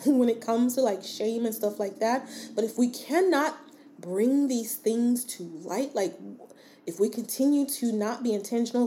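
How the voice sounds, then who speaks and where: A woman's voice: mid-range voice, warm tone, slight background noise. A woman hosting a self-help podcast in a candid, casual way, talking straight to the listener and often checking in with her. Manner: candid and conversational, with frequent "like" and short laughs. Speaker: podcast host.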